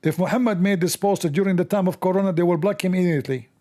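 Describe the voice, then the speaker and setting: A man hosting a casual commentary video, sarcastic, animated and mocking. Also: sits high, racing. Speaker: host.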